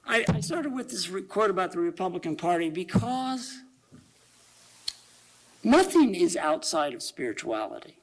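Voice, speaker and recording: A man delivering a sermon in a relaxed, conversational way. His voice sits high for a man and has a gravelly, creaky edge. He often stops to ask his listeners rhetorical questions. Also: poor audio. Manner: reads quotations aloud slowly. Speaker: speaker at a church service.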